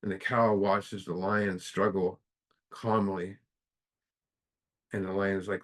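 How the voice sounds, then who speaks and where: A middle-aged man giving a casual spiritual talk at a study group, halting and filling pauses with "you know" as he tells a parable. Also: deep voice, level tone, a bit bright. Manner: halting, with restarts and many fillers.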